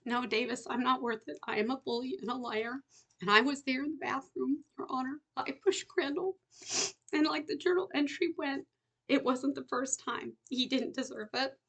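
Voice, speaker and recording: A desperate teenage boy, a former bully, pleads in a voice pitched well above the reader's own, as a woman puts him on. His words come out strained and loud, with a gravelly catch at the bottom. A storybook figure read aloud. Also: moderate pace, heavily acted, low-quality recording. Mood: desperate pleading. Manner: pleading, raised voice.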